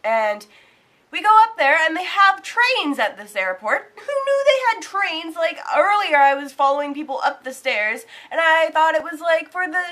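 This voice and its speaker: Young woman vlogger, high voice, lively and casual storyteller who swears offhandedly. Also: normal speed. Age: young adult. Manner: animated, swears casually, acts out quotes.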